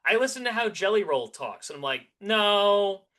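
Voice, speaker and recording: Man, podcast co-host, bright tone, animated, rambling, restarts a lot. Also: sits high, fast. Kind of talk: casual opinion chat.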